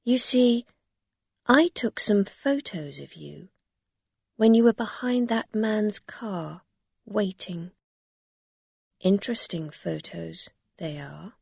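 A woman voicing a shrewd, determined woman who calmly confronts a swindler. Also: medium pitch, slow pace, gravelly, pauses often, slightly rough, dry recording, clean studio sound, full character voice. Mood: firm.

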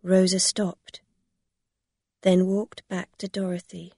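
A woman narrating a story in a slow, deliberate reading. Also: lowish voice, little pitch movement, dark tone, slightly rough, no room sound, clean studio sound.

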